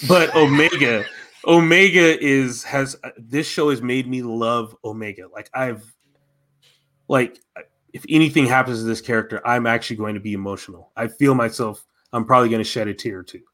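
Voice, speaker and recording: A man's voice: medium pitch, steady tone, normal speed, a bit bright. Rambling, enthusiastic man in casual chat.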